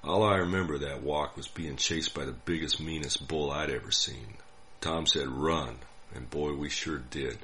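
An older man from the United States telling a personal story in a dry, wry, unhurried way. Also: rumbling low, sharp tone, slight background noise. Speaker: narrator. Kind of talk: scripted storytelling.

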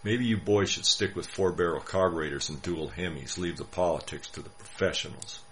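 A man's voice: low voice, brisk, a bit bright, a little hiss or hum. A man voicing a blunt, tough middle-aged diner waitress who speaks firmly in a short story reading. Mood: stern. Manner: firm, plain-spoken scolding.

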